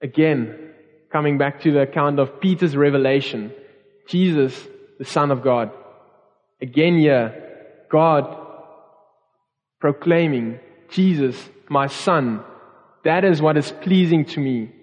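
Recorded dully in a church hall with long reverb, a pastor with a slightly high voice preaches slowly, pausing often. He addresses the congregation earnestly, with repeated phrases and restarts.

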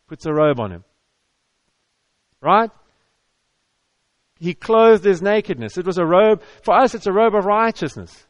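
A man's voice: high-pitched, very animated, normal speed, pauses often, no room sound. A man preaching a sermon to an audience, talking in a conversational, repetitive way with stammered restarts. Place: church hall with audience.

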